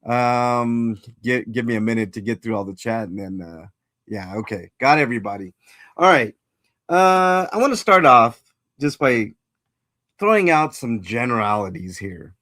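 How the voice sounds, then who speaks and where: A man's voice: mid-range voice, lively intonation, moderate pace, pushed and bright, no echo, clean studio sound. A man hosting a casual livestream, rambling and greeting chat viewers by name. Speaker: livestream host.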